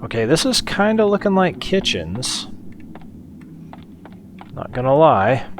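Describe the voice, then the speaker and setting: A man hosting a let's play, commenting excitedly on a horror game and swearing at scares. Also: medium pitch, takes it slowly, a little hiss or hum. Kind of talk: gameplay commentary.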